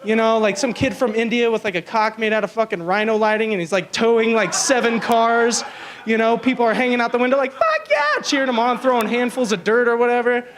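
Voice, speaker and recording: On a small club stage, a young man with a notably high voice performs stand-up into a handheld mic. He talks at a quick pace with fairly even intonation, telling crude, rambling stories full of fillers.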